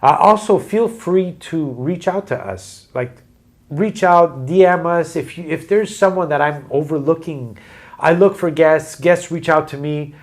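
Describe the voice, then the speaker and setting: A man's voice: a little high, unhurried. A man hosting a podcast over a video call, chatting casually in a rambling, joking, self-deprecating way. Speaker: podcast host. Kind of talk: casual chat.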